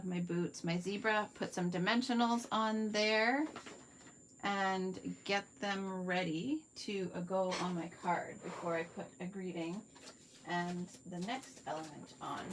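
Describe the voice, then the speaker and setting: She's a Canadian card-making demonstrator leading a live craft session, guiding viewers step by step from her workspace and taking their comments as they come. There's slight background noise, and her voice sits in the mid range.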